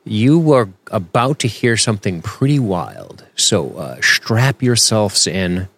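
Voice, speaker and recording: A man's voice: fairly low pitch, very animated, slow pace, fairly bright tone, husky. A man co-hosting a podcast in casual chat, rambling and joking with lots of fillers and self-corrections. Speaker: podcast co-host.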